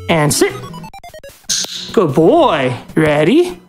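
A speedrunner at a live event stage giving a dog short coaxing commands and chatting excitedly about the run. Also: medium pitch, unhurried, soft background music.

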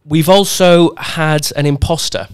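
A man's voice: on the high side, steady tone, a little slow, clean tone. A man hosting a casual podcast chat, jokey and chatty as he steers the conversation. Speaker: podcast host.

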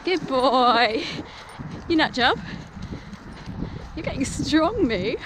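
A British woman rides in an outdoor arena, filming on a helmet-mounted action camera while she praises and coaxes her horse, laughing often. Her voice sits high and is expressive, and she takes it slowly. The noisy outdoor recording picks up hoof sounds.

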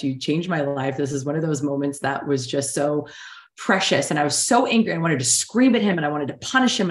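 A woman's voice: fairly low pitch, roomy sound. A woman coach in her thirties telling a personal story in a casual, emotionally open way with lots of fillers. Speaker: hypnotherapy coach.

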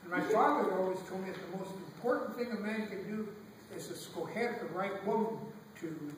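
A man's voice: sits high, fairly quick. A man from California, a guest speaker telling stories to a class, acting out voices and mixing in Spanish phrases. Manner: animated, acts out voices, mixes in Spanish phrases. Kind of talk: storytelling to a class. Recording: echoey classroom from far off, noisy.

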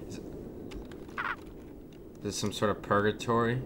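A man commentating a horror game, reading its text aloud and yelling at jump scares. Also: lowish voice, fairly even intonation, brisk, pauses often, soft background music. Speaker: gaming video creator.

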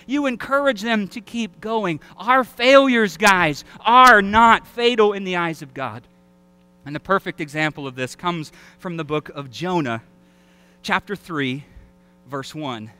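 In a church sanctuary, an Alabama pastor with a Southern American accent preaches animatedly, slipping into acted-out voices and shouts. His voice sits high, strikingly bright and smooth, and a little slow, recorded close and dry with no echo.

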